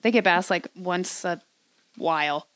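A woman's voice: on the low side, measured pace, fairly bright tone, no echo. A woman co-hosting a podcast, laid-back, chiming in with short replies and stories. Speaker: podcast co-host. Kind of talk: casual chat.

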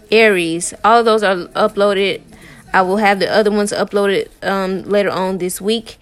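A woman tarot reader giving a casual, encouraging pep talk to her viewers, talking loosely with lots of "y'all" and "man" and repeated phrases. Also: medium pitch. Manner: conversational, repeats herself, uses "y'all" and "man".

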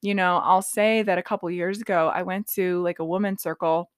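Young adult woman, casual podcast talk, filler-heavy and blunt, lowish pitch, dry close sound. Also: fairly even intonation, a little fast, clear, resonant tone, dry recording. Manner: chatty, frequent "like" fillers, swears casually. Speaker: podcast host and intuitive reader.

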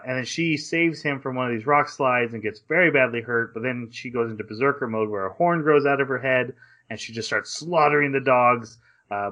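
A man co-hosting a podcast, casually recapping an episode in a rambling way with quick quoted asides. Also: medium pitch, pushed and bright. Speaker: podcast co-host.

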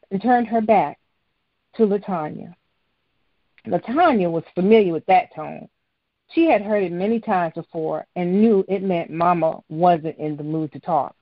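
A woman narrating a storybook aloud in a steady, even reading voice with occasional stumbles. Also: mid-range voice, no echo. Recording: dry, slightly dull lo-fi recording.

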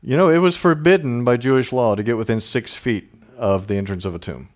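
A man's voice: mid-range voice, a little fast. A man preaching a conversational sermon, with informal asides and chuckles. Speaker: pastor.

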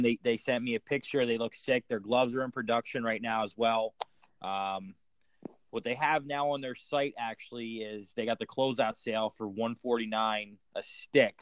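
An easygoing man on a casual podcast who talks in a halting way, pausing on ums and restarting his sentences. His mid-pitched voice is recorded dry and close. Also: smooth, no room sound. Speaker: podcast co-host.

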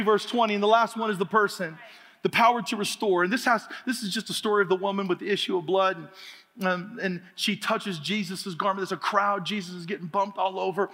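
A man's voice: sits high, a little fast, a little hiss or hum. A male pastor preaching a sermon, telling stories with humor and laughter and building to emphatic, rising points. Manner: animated, humorous storytelling with laughter. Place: church sanctuary. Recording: reverberant hall with faint music.

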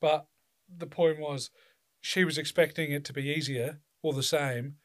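Sweary rambling man, fairly high. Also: steady tone, moderate pace. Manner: sweary, rambling, acts out quotes in voices. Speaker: podcast co-host. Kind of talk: casual chat.

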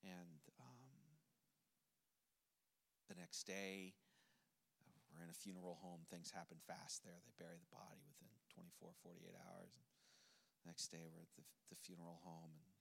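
A male pastor telling a personal story in a sermon, earnest and measured, with pauses. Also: low-pitched, creaky, fairly bright tone.

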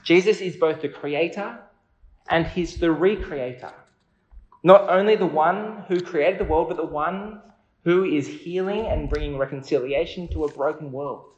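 A man's voice: fairly high pitch, measured pace, echoey room, muffled recording. A man preaching a sermon in an earnest, conversational way, asking his listeners questions.

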